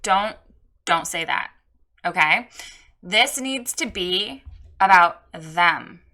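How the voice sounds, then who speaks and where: A woman's voice: fairly low pitch, lively intonation, slow pace, pushed and bright. A woman coaching a photographer on her website in a casual spoken critique, frank and direct.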